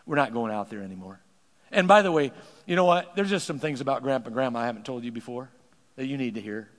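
A man preaching a sermon as pastor, animated and quick to repeat words as he starts a thought. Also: medium pitch. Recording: long hall reverb.

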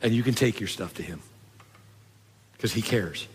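An older man preaching a sermon, telling stories in a conversational way and dropping low and soft for tender points. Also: moderate pace, long reverb tail, a little hiss or hum. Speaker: pastor.

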